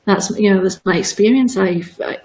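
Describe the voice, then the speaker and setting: A woman's voice: medium pitch, normal speed, darkish tone, a little hiss or hum, poor audio. A middle-aged woman telling personal stories in an open, emotional way, often repeating words. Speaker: guest. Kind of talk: candid personal storytelling.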